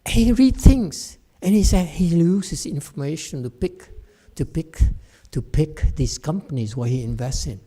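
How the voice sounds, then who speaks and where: A man's voice: on the high side, animated, measured pace, few pauses, dark tone, slightly rough. A middle-aged man, a Buddhist teacher, giving a chatty dharma lecture with digressive asides and frequent laughs. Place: temple hall.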